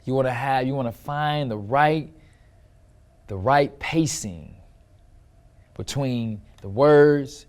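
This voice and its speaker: A middle-aged man teaching how to write and perform a personal story, with expressive shifts in loudness and pitch and repetition for emphasis. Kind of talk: instructional talk to camera.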